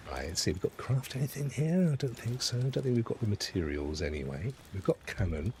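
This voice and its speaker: There's a sing-song lilt to this mid-range, darkish voice, which moves fairly quickly over a faint hiss or hum. A middle-aged man hosting a game stream, he rambles and chats through his play and keeps fixing his own wording.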